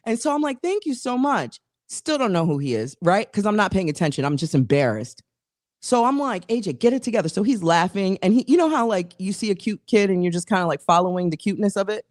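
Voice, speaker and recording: Woman cohost rambling thru a story, super animated, voice all over the place, dry mic. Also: medium pitch, fast, dry recording. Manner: animated, rambling, restarts stories. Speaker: co-host. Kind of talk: casual chat, storytelling.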